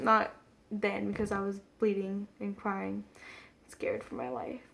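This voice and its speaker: A woman's voice: medium pitch, expressive, a little slow, vocal fry, pushed and bright. A woman vlogging a casual storytime, rambling with lots of "like" fillers, talking to her camera mic.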